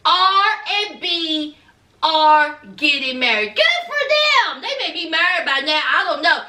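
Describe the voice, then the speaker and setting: A woman with a very high, bright voice drawls slowly through a sassy gossip recap. She keeps turning to her viewers with asides, and the room adds a clear echo. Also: sing-song, slight background noise. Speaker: reality TV recap vlogger. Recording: echoey room.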